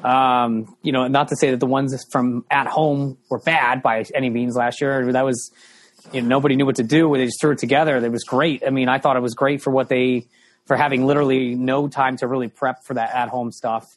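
A man's voice: medium pitch, fairly even intonation, fairly quick. A man hosting a chat show, talking in an eager, upbeat way and laughing often. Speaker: podcast host. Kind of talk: casual chat.

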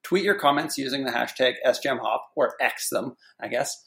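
A man with a very gravelly, creaky voice chats casually as a guest on a medical podcast. He sounds relaxed and a little wry. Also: medium pitch, brisk. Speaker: guest physician.

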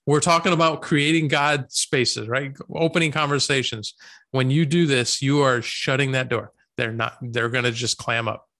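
A man co-hosting a faith podcast, speaking in a measured way and steering the conversation. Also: medium pitch, fairly even intonation, pushed and bright. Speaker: podcast co-host. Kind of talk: casual faith discussion.

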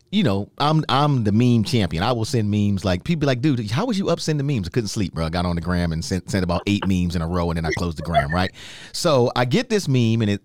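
A man from New York hosting a podcast, telling a story in a casual chat with lively, emphatic questions. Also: on the low side, no room sound, studio quality. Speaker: podcast host.

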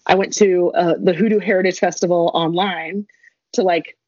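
Chatty woman with a husky voice. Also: fairly low pitch, steady tone, moderate pace, a little mellow, no echo. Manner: chatty, laughing, rambling with many asides. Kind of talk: casual storytelling chat. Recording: dull lo-fi dry recording.

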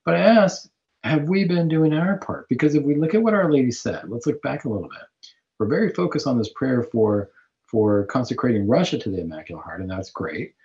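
A man's voice: mid-range voice, animated, a little fast, darkish tone. A man hosting a Catholic radio talk show, speaking earnestly in a preaching manner, with fillers and restarts. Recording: dull lo-fi radio audio.

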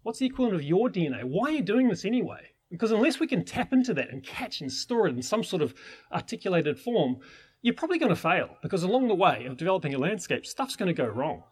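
A man's voice: high voice, big pitch swings, quick pace, slightly rough. A man teaching permaculture in an enthusiastic, rambling way, with many restarts. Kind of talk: informal teaching talk.

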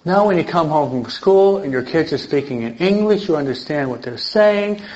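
An older man, a priest teaching an adult catechism class in a lively sermon style, emphatic and often checking in with his listeners. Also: on the high side, normal speed. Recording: dull lo-fi recording.

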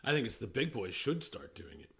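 A middle-aged man co-hosting a casual chat, rambling and often breaking off mid-sentence, quick to laugh. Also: mid-range voice, very animated, vocal fry. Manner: rambling, self-interrupting, laughs easily. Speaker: podcast co-host, whiskey industry veteran.

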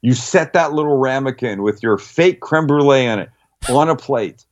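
A brash, profane middle-aged man talks through recipes in a loose, storytelling radio chat. His voice sits at an ordinary pitch, and the recording is slightly dull and lo-fi. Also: normal speed. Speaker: cooking show guest.

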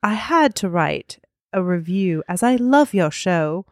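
A woman's voice: fairly low pitch, expressive, unhurried, no room sound, clean studio sound. A woman putting on a gushing posh British lady's voice with an exaggerated, sing-song delivery. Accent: put-on posh British.

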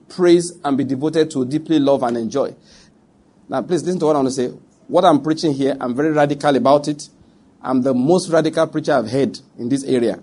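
A middle-aged Nigerian man with a higher, slightly mellow voice preaches a sermon. He is emphatic and direct, repeating his points and addressing his listeners head-on.

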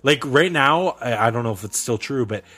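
A man hosting a casual group chat, joking around and quick to cut in with questions. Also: medium pitch, animated, sharp tone. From Canada. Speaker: podcast host.

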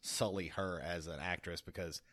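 A man with a somewhat low voice talks casually on a movie podcast. He gets emphatic and animated when he makes his point. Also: moderate pace. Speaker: podcast co-host. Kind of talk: casual chat.

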